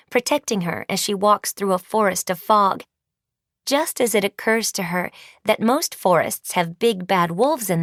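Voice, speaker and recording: A woman reading a storybook audiobook in a measured, suspenseful way. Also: mid-range voice, dry recording, studio quality. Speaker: audiobook narrator. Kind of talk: scripted storybook narration.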